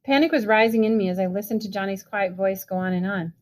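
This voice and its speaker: A woman reading a novel chapter aloud. She narrates evenly, in a storytelling manner. Her voice sits at a middling pitch. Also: fast talker. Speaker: reader.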